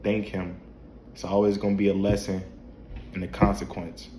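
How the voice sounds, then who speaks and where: A man's voice: lowish voice, little pitch movement, normal speed, dark tone, reverberant, slight background noise. A man talking casually about faith to camera at home, repeating himself and asking rhetorical questions. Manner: repetitive, preachy, with restarts and rhetorical questions. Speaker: faith vlogger. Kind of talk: casual spiritual talk to camera. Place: home at night, dim room.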